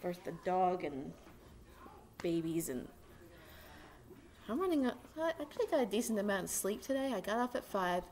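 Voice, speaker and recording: A young woman vlogging at home, rambling excitedly with lots of fillers as she talks about racing. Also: fairly low pitch, moderate pace, a little hiss or hum. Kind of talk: casual chat to camera. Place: at home with a dog.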